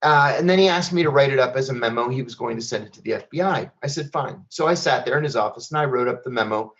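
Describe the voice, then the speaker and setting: A middle-aged man speaks at a mid pitch, unhurried and deliberate, with wry asides. The audio is slightly dull and lo-fi. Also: fairly bright tone. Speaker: speaker at a public event. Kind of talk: storytelling speech.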